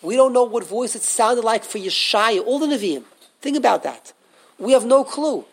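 At a moderate pace, a very high-pitched man gives a live Torah lesson. His delivery is animated and full of questions to the class, with frequent restarted sentences.

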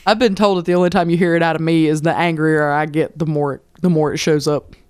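A woman with a Southern US accent, a teacher co-hosting a podcast, telling stories with animated energy. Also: deep voice, fast talker, clear, resonant tone. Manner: animated storytelling, laughs easily. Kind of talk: casual chat.

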